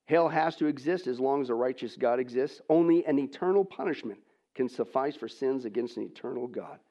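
A man preaching a sermon, swinging between hushed, near-whispered lines and loud, emphatic ones, and asking the audience rhetorical questions. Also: mid-range voice, brisk. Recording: dull lo-fi recording.

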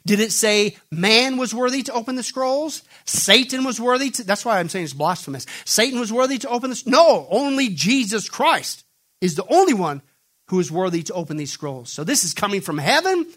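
A man preaching a sermon, reading scripture aloud and firing questions at his listeners, then answering them himself with loud emphasis or low intensity. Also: sing-song, moderate pace. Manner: emphatic call-and-response questioning.

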